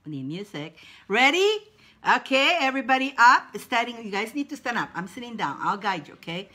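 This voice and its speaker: A woman's voice: fairly high pitch, sing-song, fairly quick, sharp tone. A woman leading a spiritual wand dance, calling out short encouraging cues and stretching her words as she guides the movements.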